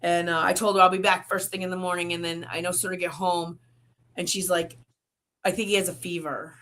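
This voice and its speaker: A woman's voice: on the low side, flat delivery, brisk, a bit bright. A woman guest telling a painful personal story in conversation, rambling and heated, with many restarts.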